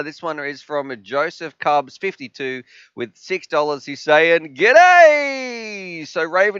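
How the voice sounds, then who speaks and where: A man's voice: a little high, fairly bright tone, clean tone, dry recording, dull audio. A man hosting a casual live stream, joking and bantering with chat.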